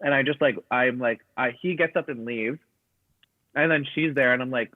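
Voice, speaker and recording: Profane storyteller on a tinny line. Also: male voice, mid-range voice, moderate pace, no echo. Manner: rambling, profane, quotes others in dialogue. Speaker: guest, stand-up comedian. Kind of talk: casual storytelling chat. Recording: dry tinny phone-like sound.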